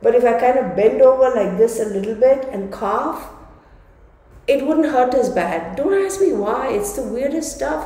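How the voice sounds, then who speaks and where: A tarot reader and psychic vlogger chats casually to camera, congested from a cold, saying "y'all" a lot and laughing between lines. Her voice is a little high with a dark tone at a moderate pace, in a room with long, echoing reverb.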